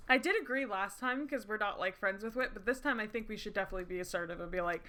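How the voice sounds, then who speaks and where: A woman streaming a story game, reading its lines aloud and reacting with animated, giggly, casual chatter. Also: mid-range voice, quick pace, few pauses. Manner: giggly, animated, swears casually, breaks into laughter.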